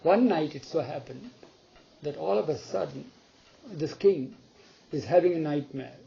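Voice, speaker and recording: A man with a gravelly, very mellow voice tells a story to a gathered audience. He acts out the dialogue and turns to ask his listeners questions. The recording is dull and lo-fi, with a faint hiss underneath. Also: on the high side, normal speed. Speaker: speaker retelling a spiritual story.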